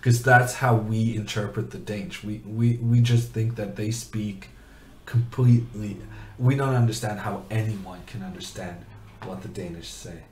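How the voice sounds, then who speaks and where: A man talks slowly and casually while he plays chess, drifting between moves and chat questions. His voice sits a little low. The room around him is echoey, with a faint hiss. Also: fairly even intonation, darkish tone. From Norway. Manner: rambling, chatty, reads chat questions aloud. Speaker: chess streamer.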